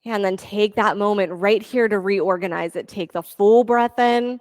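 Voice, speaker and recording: A woman teaching a yoga class, giving steady counting cues and encouraging her students. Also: mid-range voice, unhurried, few pauses, dry recording, studio quality. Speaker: yoga instructor. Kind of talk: leading a live yoga class.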